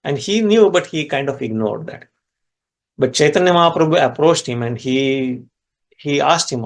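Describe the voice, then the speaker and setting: A man teaching a scripture class, retelling a devotional story and explaining Sanskrit words step by step, his voice jumping up in pitch at key moments. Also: moderate pace. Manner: animated storyteller with sudden pitch rises. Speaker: spiritual teacher.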